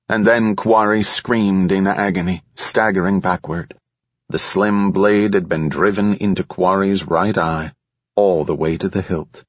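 Husky low-voiced male narrator. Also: no room sound. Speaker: audiobook narrator. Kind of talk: scripted narration. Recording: slightly dull lo-fi recording.

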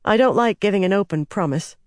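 A man reading an audiobook, voicing a sharp-tongued, proud woman leader with crisp, exasperated retorts. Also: medium pitch, lively intonation, a little fast, no echo, clean studio sound, pitched above the performer's own voice, natural voice. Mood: tart.

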